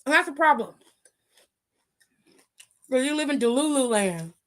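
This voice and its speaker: A woman's voice: high voice, expressive, unhurried, fairly bright tone. A young woman hosting a casual wrestling aftershow stream, sassy and chatty, talking back to her chat and calling viewers pet names.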